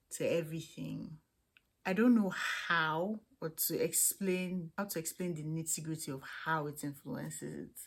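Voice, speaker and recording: Low, gravelly-voiced young woman vlogging. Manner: hesitant, searching for words. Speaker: student vlogger. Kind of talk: casual vlog talk answering questions.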